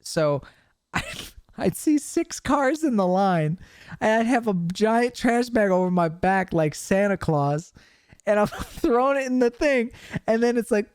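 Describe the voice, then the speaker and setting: Young dude on a podcast, high-ish smooth voice, dry mic, ranting and cursing while he tells stories. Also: a little slow, no echo. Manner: animated storytelling with profanity. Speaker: podcast host. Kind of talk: casual chat.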